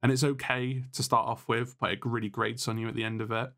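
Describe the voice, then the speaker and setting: A man's voice: mid-range voice, little pitch movement, fast talker, bright, forceful tone. A man talking as a podcast guest in casual chat, blunt and exasperated, swearing freely as he complains. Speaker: podcast guest, content creator.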